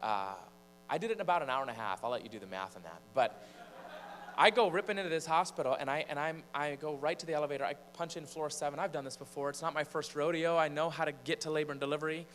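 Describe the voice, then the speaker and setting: Fairly high-pitched and quick, this Michigan preacher and singer tells a story about himself from a large church's pulpit, animated and keeping listeners hanging. You can hear long reverberation and a faint mains hum.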